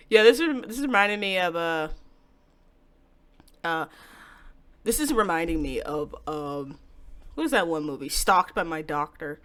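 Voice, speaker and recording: A woman giving let's play commentary, excitable, laughing often and breaking into loud startled outbursts. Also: lowish voice, unhurried, long pauses. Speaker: game streamer.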